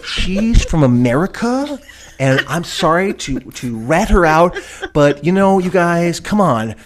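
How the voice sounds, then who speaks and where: A man co-hosting a podcast, chatting in an animated, rambling way full of fillers and quick mimicked voices. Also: fairly high pitch, a little hiss or hum. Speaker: podcast co-host. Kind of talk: casual chat.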